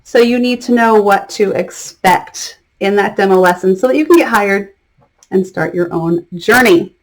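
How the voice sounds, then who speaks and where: A woman's voice: medium pitch, moderate pace. Chatty woman giving teaching advice. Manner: friendly, chatty, often adds "okay?" to check in. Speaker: online ESL teacher and mentor. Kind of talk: casual advice vlog.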